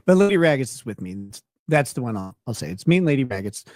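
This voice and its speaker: This is a man from Minnesota, hosting a casual chat show and spinning a long, rambling anecdote. He laughs often, restarts his sentences and leans on fillers. His voice sits at an ordinary middle pitch, and the sound is dry and close, with no room behind it. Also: big pitch swings, fast talker, a little mellow, no room sound. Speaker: show host.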